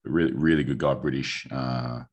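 A man with an Australian accent and a very low voice talks in an easy, laid-back manner as a podcast co-host. He chats casually and stops to explain things for overseas listeners. His delivery stays relaxed and unhurried. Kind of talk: casual chat.

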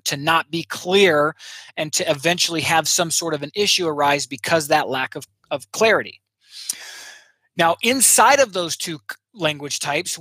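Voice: medium pitch, pushed and bright, breathy edge, no room sound. A communication coach giving a motivational teaching talk, asking the audience rhetorical questions and acting out short example phrases.

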